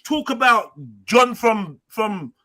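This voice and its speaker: High-voiced animated man. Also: takes it slowly. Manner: animated, mocking impressions. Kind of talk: casual panel chat.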